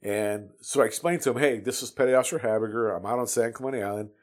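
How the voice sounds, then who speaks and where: A man's voice: mid-range voice, fast. Rambling middle-aged man telling a story. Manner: rambling, with many restarts and fillers. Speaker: Navy veteran telling his story. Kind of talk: casual storytelling.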